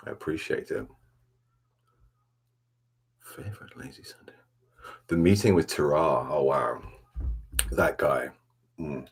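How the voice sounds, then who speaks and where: A man hosting a soft-spoken ASMR live stream, rambling laid-back as he reads and answers the chat, self-mocking. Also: very deep voice, animated, normal speed, breathy edge. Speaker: ASMR livestream host.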